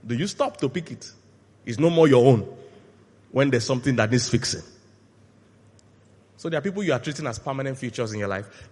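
A male pastor preaching a sermon, asking the congregation to finish his lines and swinging from quiet asides to loud shouted peaks. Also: mid-range voice. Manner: call-and-response questions to the congregation. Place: church hall. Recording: long hall reverb.

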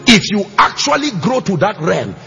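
High, gravelly preacher man. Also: sing-song, normal speed. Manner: emphatic, sing-song preaching with shouted bursts and call-and-response questions. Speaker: pastor. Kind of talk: sermon. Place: church auditorium with congregation. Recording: slightly muffled church recording, faint music.

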